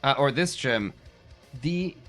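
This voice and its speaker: A man runs a tabletop game in a loose, joking way, stopping often to find words. His voice is bright. Faint music plays behind him. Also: medium pitch, lively intonation, slow pace. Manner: casual, hesitant, joking. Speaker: game master.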